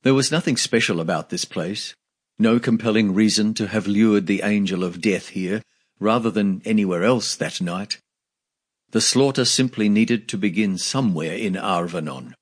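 A man narrating a fantasy audiobook in a measured, steady storytelling manner, lightly voicing the dialogue. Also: fairly low pitch.

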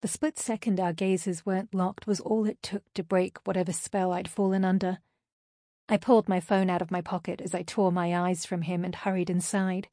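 A woman's voice: fairly low pitch, flat delivery, moderate pace, dark tone, no echo, clean studio sound. Woman narrating a first-person audiobook.

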